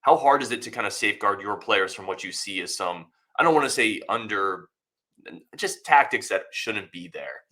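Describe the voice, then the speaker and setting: A man's voice: lowish voice, animated, normal speed, bright, forceful tone. A man hosting a sports podcast interview over a video call, asking questions politely and thanking his guest effusively. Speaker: podcast host.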